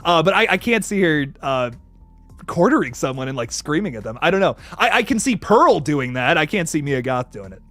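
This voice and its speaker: A man's voice: a little high, big pitch swings, a little fast, bright, forceful tone, no room sound, faint music behind. A young man hosting a casual livestream who reads out viewer messages, laughs often, stumbles over his words and swears casually. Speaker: livestream host. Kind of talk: casual live chat reading viewer messages.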